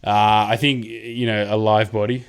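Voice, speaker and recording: A man's voice: moderate pace, creaky, smooth. A man co-hosting a casual sports podcast, chatting loosely and acting out referees in mocking voices. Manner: animated, mimics referees with jumps in pitch. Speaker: podcast co-host.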